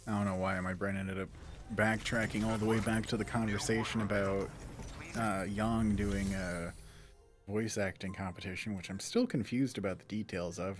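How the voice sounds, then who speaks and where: A man streaming a game, chatting casually and rambling, swearing and laughing now and then, over game music. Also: on the low side. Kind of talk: casual gameplay commentary.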